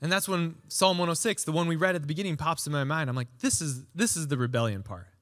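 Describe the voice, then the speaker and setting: A man's voice: fairly high pitch, fast talker, a bit bright. A pastor in his thirties giving a conversational sermon, acting out little quoted voices as he goes.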